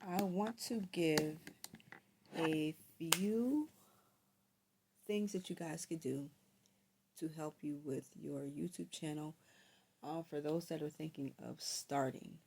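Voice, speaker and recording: A young woman vlogger talking casually to camera, giving tips in a chatty, relaxed way with frequent ums. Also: low-pitched, takes it slowly, gravelly, long pauses, breathy edge.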